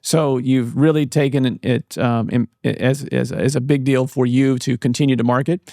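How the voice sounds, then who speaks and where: A man in the host's chair with a voice of middle pitch. He sums up his guest's points in a measured, unhurried way and pauses on fillers. The recording is dry and close. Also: steady tone, gravelly, warm tone, no echo. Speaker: podcast host. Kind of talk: interview hosting.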